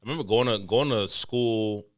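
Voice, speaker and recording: A man's voice: fairly low pitch, moderate pace. Young new york guy hosting a podcast, swears a lot, laid back storytelling. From New York City. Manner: loose, profane, storytelling. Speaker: podcast host. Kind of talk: casual chat.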